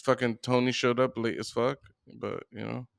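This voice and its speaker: A man's voice: mid-range voice, little pitch movement, normal speed, creaky, no room sound, clean studio sound. A man co-hosting a podcast, chatting casually in a laid-back, rambling, profane way. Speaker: podcast co-host. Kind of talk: casual chat.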